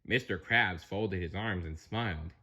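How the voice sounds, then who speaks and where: A man's voice: low voice, a little slow, bright, forceful tone, slightly rough. A man reading a storybook aloud, dropping in chatty asides to the listener. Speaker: narrator.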